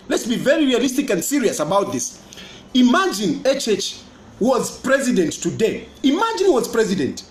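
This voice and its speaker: A man's voice: very high voice, slight background noise. A politician with a Zambian accent talking to camera, boastful and mocking, repeating his points. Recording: roomy echo.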